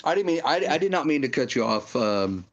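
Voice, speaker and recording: A man's voice: mid-range voice, sing-song, fairly quick, lo-fi sound. A man co-hosting a casual movie podcast, rambling with lots of fillers and restarts. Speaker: podcast co-host. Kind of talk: casual film discussion.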